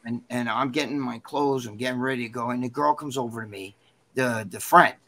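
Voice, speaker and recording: A man guest in an interview, telling a story in a rambling, animated, profane way. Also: medium pitch, fairly quick, noisy background. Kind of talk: casual storytelling.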